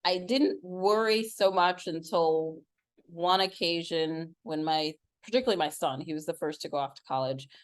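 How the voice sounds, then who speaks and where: Low-pitched middle-aged woman telling a story. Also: moderate pace. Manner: storytelling, acts out quoted lines with big pitch jumps. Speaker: podcast co-host. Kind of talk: casual chat.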